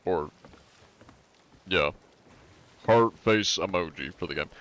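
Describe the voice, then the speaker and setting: A man's voice: low voice, lively intonation, a little slow, gravelly, long pauses, fairly bright tone. A young man in his twenties chatting casually with viewers on a gaming livestream, with dry, wry jokes. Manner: dry, wry joking with chat. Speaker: streamer.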